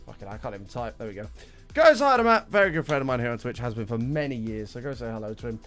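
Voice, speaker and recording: A young man chatting with his stream audience in an excitable, casual way, his voice worn and strained. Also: mid-range voice, racing, soft background music. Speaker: livestreamer.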